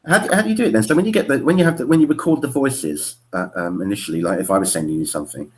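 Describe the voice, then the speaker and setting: A man's voice: medium pitch, very fast. A man chatting eagerly on a video call, often restarting his sentences. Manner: enthusiastic, stumbling restarts. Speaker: caller on a live video stream. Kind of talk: casual chat.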